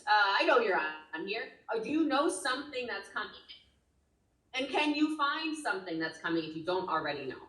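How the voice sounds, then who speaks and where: A woman's voice: medium pitch, very animated, moderate pace, fairly bright tone. Punchy, urgent woman sales coach; roomy, distant sound. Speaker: network marketing coach. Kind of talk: energetic webinar teaching.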